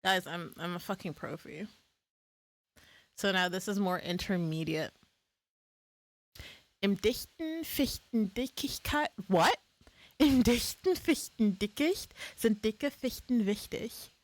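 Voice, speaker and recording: A woman's voice: mid-range voice, slow, no echo. A woman streamer chatting casually on a live stream, swearing freely and laughing at her own slips.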